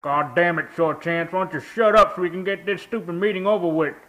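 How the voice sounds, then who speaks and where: A synthetic male voice plays a grumpy, heavyset old-timer firefighter in a cartoon skit. He curses his way through everything. The voice sits high and sounds bright and tense. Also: a little fast. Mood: angry. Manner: cursing, cranky.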